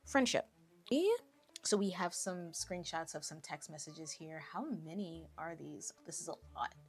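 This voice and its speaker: A woman's voice: low-pitched, normal speed, darkish tone, slightly rough. Chatty woman reading a story aloud. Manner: chatty, playful asides. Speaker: vlogger. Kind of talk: casual chat and reading an online story aloud.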